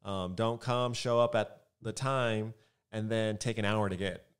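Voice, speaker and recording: A young American man, a photographer guest, chatting casually and telling animated stories in a podcast interview. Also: fairly low pitch, measured pace, clean tone. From United States. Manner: animated storytelling, acts out quoted voices.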